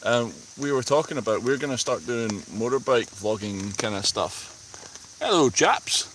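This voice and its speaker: A man chats on a live stream from a rainy forest at night, his voice lively and bouncing up and down in pitch. He sounds a little tipsy and laughs easily. Faint rain patters on the tarp behind him. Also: moderate pace, rough recording. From Scotland. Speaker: vlogger. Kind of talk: casual live-stream chat. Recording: faint rain noise outdoors.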